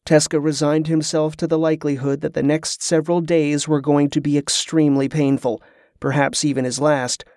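A man narrating an adventure novel in an even, measured storytelling manner. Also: a little high, no room sound, studio quality. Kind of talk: audiobook narration.

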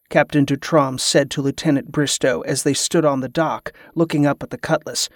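A man reading a novel aloud as narrator, in an even, measured way. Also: a little high, no echo, studio quality. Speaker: audiobook narrator. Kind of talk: scripted narration.

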